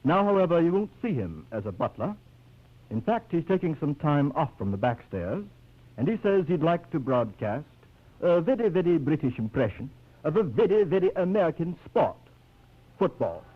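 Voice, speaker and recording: A man announcing on a 1930s radio variety show, giving polished, measured introductions. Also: on the high side, sing-song. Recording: muffled 1930s radio broadcast.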